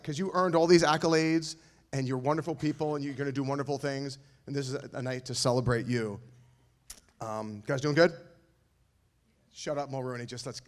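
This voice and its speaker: A man speaks from a school auditorium stage through a mic, joking and encouraging in turn. His voice sits at an ordinary middle pitch for a man. He teases the crowd warmly between earnest lines. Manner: joking, encouraging, playful asides. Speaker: school staff speaker at an awards night. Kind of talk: speech to an audience.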